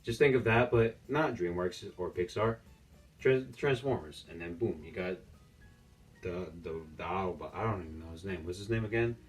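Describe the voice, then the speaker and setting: A young man delivers a mocking, jokey reaction rant in a slightly low voice. He sounds set back from the microphone, with faint music playing underneath. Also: normal speed. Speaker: YouTuber reacting to clips. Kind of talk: casual reaction commentary. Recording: distant mic with faint music.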